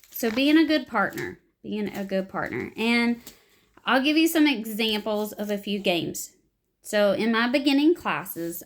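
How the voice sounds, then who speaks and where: A young woman explaining improv to beginners, animated and acting out short example lines. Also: mid-range voice. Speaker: improv teacher.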